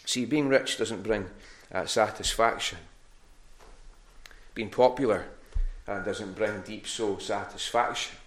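A man's voice: fairly low pitch, slow, fairly bright tone. A man preaching a sermon to a congregation in a church hall. He speaks conversationally and often repeats words while he searches for the next one.

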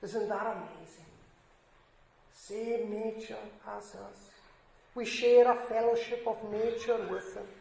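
A man's voice: high-pitched, steady tone, takes it slowly, vocal fry, warm tone. A man preaching a sermon in an earnest, emphatic way, lifting his voice on scripture quotes. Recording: echoey room.

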